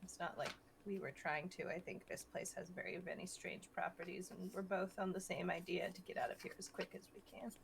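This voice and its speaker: Whispered role-play, hushed adventurer, reassuring, woman voicing, quiet. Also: on the low side, fairly even intonation, fairly quick, vocal fry, hardly any pauses, slight background noise. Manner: hushed, soothing.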